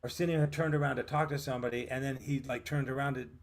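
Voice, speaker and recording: A man's voice: mid-range voice, quick pace. A man, a guest telling a story and acting out what people said. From Vermont, USA. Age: 50s. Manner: animated, acts out what others said. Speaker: guest actor and writer. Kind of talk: storytelling in a casual interview.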